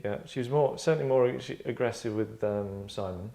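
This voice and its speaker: Rambling low-voiced middle-aged man. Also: brisk, creaky, mellow. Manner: rambling, self-interrupting, acts out quotes. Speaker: writer and podcast host. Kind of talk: casual discussion.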